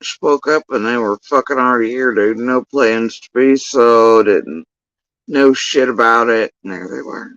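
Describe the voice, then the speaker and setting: A man's voice: mid-range voice, measured pace, a bit bright, no echo, highs cut off. A man telling a long story in a casual commentary rant, profane, rambling and exasperated.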